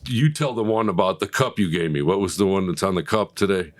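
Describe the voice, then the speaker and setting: A man hosting a casual chat, relaxed and agreeable, chiming in often and laughing easily. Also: low voice, quick pace. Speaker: host.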